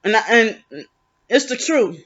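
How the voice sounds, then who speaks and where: A woman talks straight to camera in an aggrieved, rambling vent, breaking off and restarting her sentences as she goes. Her voice is bright and forceful. The recording is dull and lo-fi. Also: a little high, lively intonation, a little slow. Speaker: vlogger. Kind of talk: venting vlog monologue.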